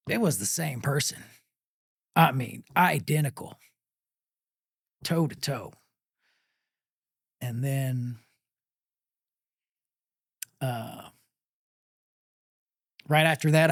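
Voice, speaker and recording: Middle-aged Texan man, interview guest, slow and halting, dry close sound. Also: on the high side, no room sound. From Texas. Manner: halting, with many pauses and fillers. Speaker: pit master guest. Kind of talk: interview storytelling.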